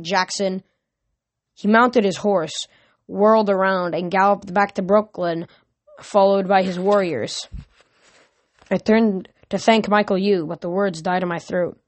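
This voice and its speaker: A woman reads a novel aloud in an easygoing way, often tripping over words and going back to fix them. Her pitch sits in the middle. The recording is dry and close. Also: no echo. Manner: stumbles and restarts words often. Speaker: reader. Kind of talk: casual read-aloud of a novel.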